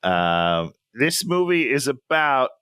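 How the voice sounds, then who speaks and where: A man co-hosting a casual podcast, joking and swearing as he pitches next week's movie. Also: slow, clean tone, no echo, studio quality. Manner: animated, swearing, jumps to high pitch when amused. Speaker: podcast co-host. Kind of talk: casual chat.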